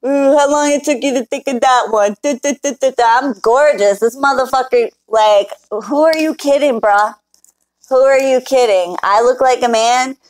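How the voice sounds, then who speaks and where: A woman ranting loudly at a chat troll, mocking and profane. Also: normal speed. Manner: loud, mocking, profane, high-pitched.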